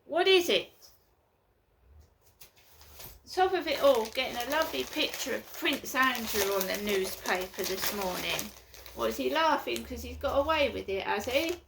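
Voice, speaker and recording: Agitated woman, solo vlog rant from home, higher voice with gravelly fry. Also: animated, moderate pace, noisy background. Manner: agitated, repetitive complaining. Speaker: vlogger. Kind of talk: casual ranting monologue. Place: her flat, indoors.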